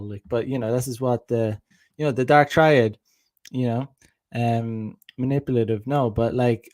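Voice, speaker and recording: A man's voice: medium pitch, darkish tone. A young man giving dating advice in a casual, rambling monologue, with many restarts, acting out bits of dialogue.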